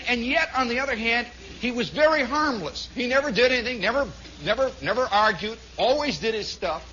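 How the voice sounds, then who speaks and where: A man's voice: high-pitched, sharp tone, a little hiss or hum. A man from Indiana telling a long, rambling story on his radio show, full of asides. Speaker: radio host. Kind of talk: storytelling monologue. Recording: dull lo-fi 1960s radio broadcast.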